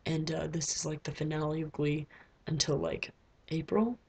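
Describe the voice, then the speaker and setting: Teen girl vlogging from her bedroom, kinda husky gravelly voice, says like a lot, lowish pitch. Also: level tone, normal speed. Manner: rambling, lots of "like" fillers. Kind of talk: casual video diary.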